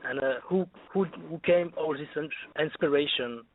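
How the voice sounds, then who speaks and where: A man from France, calling in to ask a question in halting English, searching for words. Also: a little high. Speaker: caller. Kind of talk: phone-in question. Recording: tinny phone line on radio.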